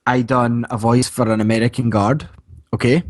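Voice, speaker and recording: A man's voice: mid-range voice, fairly even intonation, normal speed, no room sound. Scottish guy from fife rambling thru a story on a podcast, dry mic, mid voice. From Scotland. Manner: rambling, storytelling, laughs often. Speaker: podcast co-host. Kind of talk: casual chat.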